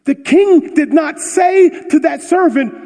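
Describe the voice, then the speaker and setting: A man preaching a passionate sermon, swinging from hushed words to shouting, and ending in prayer. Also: extremely high pitch, slow pace. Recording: long hall reverb.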